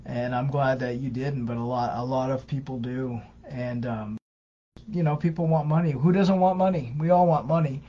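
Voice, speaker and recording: A man's voice: mid-range voice, moderate pace, dull audio. A man co-hosting a casual live Q&A, explaining things earnestly and often repeating his words. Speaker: co-host of a scam-awareness page.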